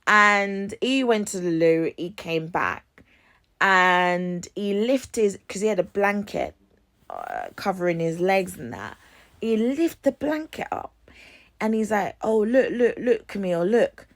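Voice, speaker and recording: A woman's voice: medium pitch, very animated, slow, fairly bright tone. A woman vlogger telling stories in a casual, dramatic way, acting out her own reactions and swearing freely. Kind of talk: casual storytelling.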